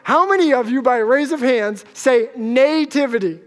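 A man's voice: very high voice, expressive, normal speed, slight background noise. A male pastor preaching a sermon to a live congregation, conversational and joking with the audience. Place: church sanctuary with live congregation. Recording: long hall reverb.

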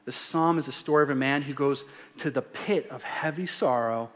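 A man's voice: medium pitch, moderate pace. A man in his thirties preaching a sermon, reading scripture aloud with emphasis and adding playful asides. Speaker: pastor. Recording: long hall reverb.

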